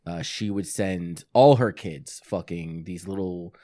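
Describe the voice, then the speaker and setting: A man in his thirties chatting casually, relaxed and profane, leaning hard on his emphasis. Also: sits low, measured pace, no room sound, studio quality. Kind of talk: casual chat.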